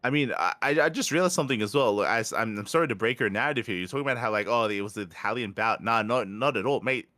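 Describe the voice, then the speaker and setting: A man's voice: lowish voice, quick pace, hardly any pauses, pushed and bright, dry recording. A man co-hosting an esports podcast, recapping match results in a laid-back way with many fillers. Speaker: podcast co-host.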